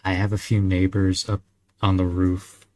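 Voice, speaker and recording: Laid-back young man, low voice. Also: completely flat delivery, normal speed, a little mellow, dry recording. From Australia. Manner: laid-back, chuckles often, swears casually. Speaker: streamer chatting with viewers while gaming. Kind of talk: casual chat.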